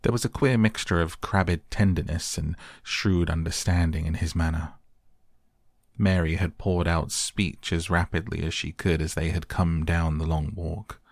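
A man narrating an audiobook as a calm, soft bedtime story reading. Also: sits low, a little slow, dry recording, clean studio sound.

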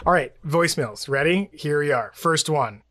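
Man, fairly high voice, rambling podcast co-host, laughs a lot, dry close mic. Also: animated, moderate pace, fairly bright tone, no echo. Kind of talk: casual chat.

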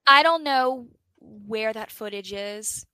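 A young woman co-hosts a true-crime podcast, retelling a story with lively, animated energy and plenty of swearing. Her voice is bright and fairly high. The sound is dry and close to the mic. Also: slow, clear, resonant tone, no echo, rough recording. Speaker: podcast co-host.

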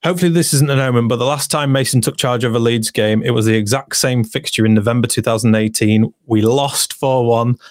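A man's voice: mid-range voice, fairly quick, few pauses, dry recording, clean studio sound. A man co-hosting a casual football podcast, chatting and reading out listener comments. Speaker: podcast co-host.

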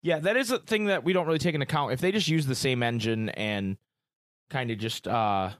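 A man's voice: mid-range voice, brisk, no echo, studio quality. A man hosting a podcast in a casual, chatty and enthusiastic way, hyping up his guests. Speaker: podcast host.

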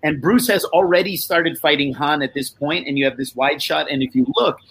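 A man's voice: on the high side, brisk, creaky, a bit bright, husky, low-quality recording. A man talking casually on a panel, telling stories in a conversational way. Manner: storytelling, conversational.

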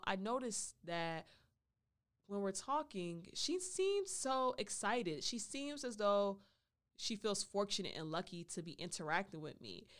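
A woman's voice: on the low side, fairly bright tone, clean tone. A woman hosting a solo storytelling podcast, talking playfully and now and then referring to herself in the third person. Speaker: podcast host.

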